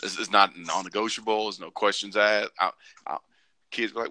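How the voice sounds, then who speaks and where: A man co-hosting a podcast in casual chat, joking and acting out quoted lines in squeaky voices. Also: normal speed, no echo. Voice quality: animated, joking, acts out quotes in high voices. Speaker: podcast co-host.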